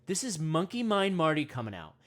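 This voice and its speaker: A woman playing an excitable male self-help podcast host who rambles, repeats himself and trails off mid-thought. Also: low-pitched, a little fast. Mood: worked up. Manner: rambling, repeats words, trails off, grunts monkey noises. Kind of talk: comedic parody meditation podcast.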